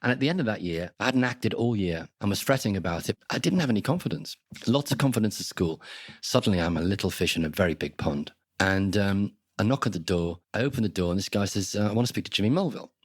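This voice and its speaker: An older man with a faint Liverpool accent, telling stories in a wry, animated way. His voice sits a little low. The sound is close and dry, with no room echo. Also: quick pace. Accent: softened Liverpool. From Liverpool, England. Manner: lively storyteller, wry, animated asides. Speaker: interview guest. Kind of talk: conversational anecdotes.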